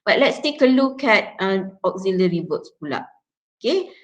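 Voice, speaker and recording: A woman's voice: mid-range voice, very animated, normal speed. A young woman with a Malaysian accent teaching English pronunciation in a lecture, mixing in Malay words and often checking in with "yeah?" and "okay". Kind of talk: classroom lecture.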